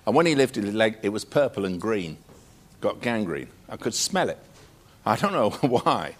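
A man's voice: lowish voice, big pitch swings, normal speed. A man who is a pastor answering in an interview, telling a story in an emphatic, preacherly way with punchy short statements.

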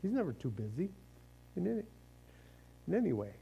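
A man's voice: a little high, big pitch swings, brisk, gravelly, breathy edge, highs cut off. A man preaching a sermon, reading scripture and then explaining it in a casual, joking, conversational way with many asides. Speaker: pastor.

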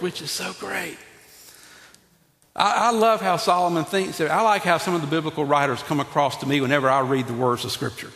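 Male pastor, lively preaching style, voice carries with a long hall reverb. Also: a little high, brisk, gravelly. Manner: animated, talks to congregation, acts out Bible figures. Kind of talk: sermon. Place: church sanctuary.

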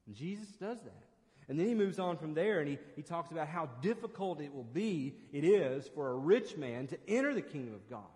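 A man's voice: fairly high pitch, expressive, brisk, a little mellow, long reverb tail. A man preaching an expository sermon as pastor, earnest and emphatic, often restarting phrases.

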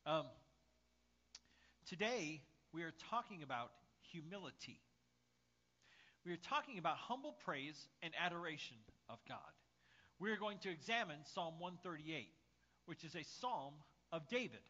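A man's voice: a little high, sing-song, moderate pace, long pauses, bright, forceful tone, lo-fi sound. A male pastor preaching a sermon with a summer cold. He tells stories and talks with frequent fillers and restarts. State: has a summer cold, coughing. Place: church.

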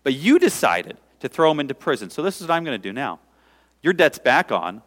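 A man voicing a stern, powerful male king who speaks low and commanding, in a sermon. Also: big pitch swings, brisk, in a large hall.

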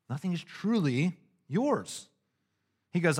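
A middle-aged man preaching a casual, conversational sermon, animated and slangy, acting out little stories as he goes. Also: medium pitch, measured pace. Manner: animated and casual, with slangy asides and acted-out anecdotes. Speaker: pastor.

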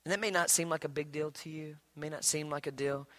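High, bright-voiced male pastor preaching. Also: steady tone, fast talker. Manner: swings from hushed storytelling to loud emphatic preaching. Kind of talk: sermon.

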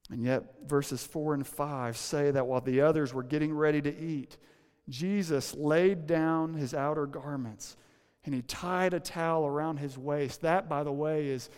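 A man preaching a sermon, chatty and humorous, dropping low and soft to stress a point. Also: big-room sound. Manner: conversational, humorous asides, drops low and soft for emphasis. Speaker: pastor.

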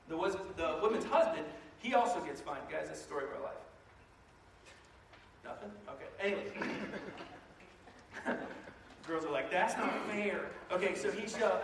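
Man, pastor, sermon, high voice, animated and joking, echoey hall, mic far off. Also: slight background noise. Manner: animated, joking preacher who acts out voices.

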